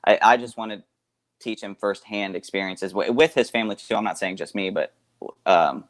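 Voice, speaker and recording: A man speaking as guest co-host on a casual podcast, rambling and halting, laughing easily. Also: on the low side.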